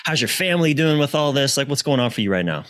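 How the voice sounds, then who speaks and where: A man hosting a podcast, talking in a calm, earnest and measured way while chatting with his guest. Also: medium pitch, no room sound, clean studio sound. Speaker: podcast host. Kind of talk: casual interview chat.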